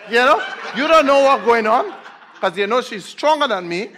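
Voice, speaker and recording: A man with a Trinidadian accent preaching a sermon. He jokes with his listeners and swings from hushed lines to shouting. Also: high-pitched, fairly quick, slightly rough. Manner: energetic, swings from hushed to shouting, joking with the crowd.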